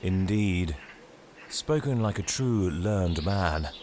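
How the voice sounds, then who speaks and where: A man's voice: deep voice, animated, slow, a little mellow, a little hiss or hum. An actor playing a solemn, pious male attendant in a comedy sketch.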